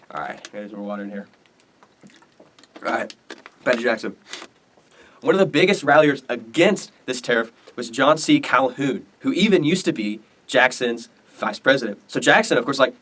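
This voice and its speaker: A man's voice: medium pitch, a little fast, fairly bright tone, distant mic. Rambling slangy young guy explaining history. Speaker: student presenter.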